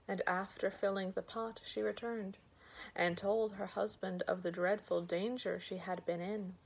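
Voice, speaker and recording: Female storyteller, bedtime reading, unhurried pace, gravelly texture. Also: mid-range voice, steady tone, low-quality recording. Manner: slow, gentle reading with lightly voiced characters.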